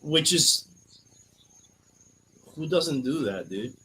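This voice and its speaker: Talk like a man hosting a casual podcast: loose, profane, bright and a bit high-pitched. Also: animated, slow, slight background noise. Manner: loose, profane banter with many fillers. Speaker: podcast host.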